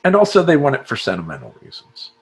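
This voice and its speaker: A man's voice: mid-range voice, wildly swooping pitch, quick pace, creaky. A man speaking as a life coach in a casual monologue to camera, rambling and profane, laughing often and slipping into mock voices.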